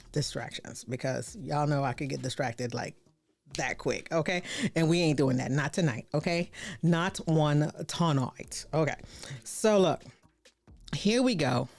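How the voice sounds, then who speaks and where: A woman hosts a casual live stream with lots of exclamations and laughter. Her lowish voice swoops up and down constantly. She sounds worn out from staying up all night. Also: a little mellow. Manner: bubbly, exclamatory, slangy, laughs often. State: tired after an all-nighter. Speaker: host.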